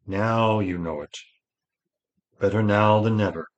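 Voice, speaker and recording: A man reading an audiobook voices an old male mage with a gentle, solemn manner, giving slow and measured counsel. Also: lowish voice, highs cut off, lightly acted. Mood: grave.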